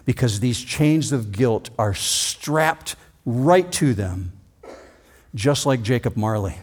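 A man's voice: mid-range voice, darkish tone. Emphatic male preacher. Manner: emphatic, dramatic readings with slowed stressed phrases. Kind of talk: expository sermon.

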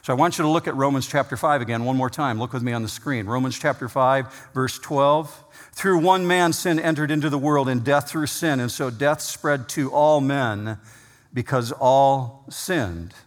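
A man preaching a sermon as pastor, emphatic, slowing down and rising in pitch on key words. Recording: long reverb of a large hall.

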